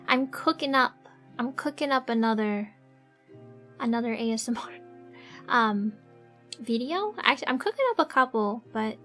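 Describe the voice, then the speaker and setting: A woman streamer chatting casually with viewers while she draws, soft-spoken and halting, with many fillers and little giggles. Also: fairly high pitch, lively intonation, faint music behind. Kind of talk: casual live-stream chat. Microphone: desk microphone.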